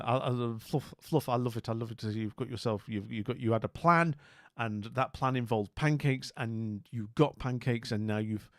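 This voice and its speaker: A man chatting on a live stream, bemused and rambling, tripping over his own restarts. His voice sits at an ordinary middle pitch. The mic is close and dry, with no room sound at all. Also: dry recording. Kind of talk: casual live-stream commentary.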